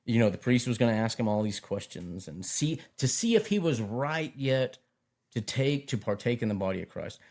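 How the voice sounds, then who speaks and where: A middle-aged man talks at a middle pitch in casual conversation. He tells his stories in an animated way and often repeats his phrases as he goes. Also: normal speed. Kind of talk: casual chat.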